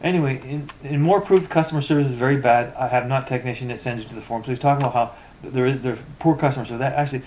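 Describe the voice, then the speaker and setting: A man's voice: medium pitch, racing, hardly any pauses, darkish tone, slight background noise. A man ranting in a vlog about poor tech support, reading forum posts aloud with sarcastic, exasperated comments and many stammered repetitions. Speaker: tech vlogger.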